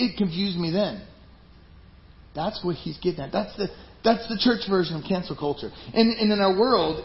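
A man preaching a sermon to his congregation, talking conversationally, with some passages loud and emphatic and others dropped to a hushed aside. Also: sits high. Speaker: pastor. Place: church sanctuary. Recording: roomy, slightly dull live church recording with faint ambience.

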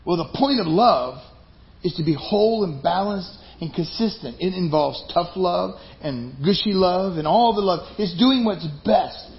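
A man's voice: high voice, animated, a little slow. A man preaching a sermon as pastor, emphatic and conversational. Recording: dull lo-fi recording.

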